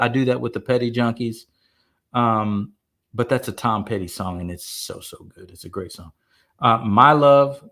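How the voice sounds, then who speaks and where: A man's voice: medium pitch, fairly bright tone. A man, a singer-songwriter, chatting casually on a live stream, rambling with many fillers and restarts. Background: faint guitar playing.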